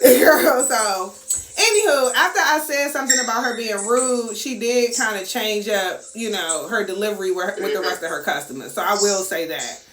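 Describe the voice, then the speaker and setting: A woman telling a casual story, acting out the voices of people in it with big swings in pitch. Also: normal speed. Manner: animated, acts out quotes with big pitch swings. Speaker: storyteller host. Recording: echoey room with faint noise.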